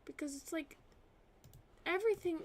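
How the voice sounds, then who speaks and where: A young woman streaming live, chatting to herself as she works, frustrated with her software. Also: extremely high pitch, moderate pace. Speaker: art streamer.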